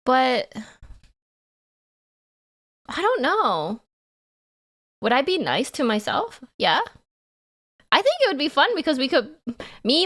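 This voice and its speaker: A playful woman streaming from home and chatting with her audience. Her voice sits a bit high, and her talk is loose, giggly and easygoing. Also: a bit bright. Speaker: livestreamer. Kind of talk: casual livestream chat reading chat.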